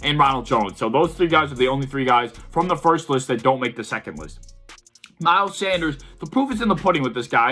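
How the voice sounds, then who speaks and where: A man's voice: mid-range voice, animated, fairly quick, bright, forceful tone, soft background music. A young man giving a heated, profane sports rant, repeatedly exasperated as he talks. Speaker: sports video host. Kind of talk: ranting sports commentary.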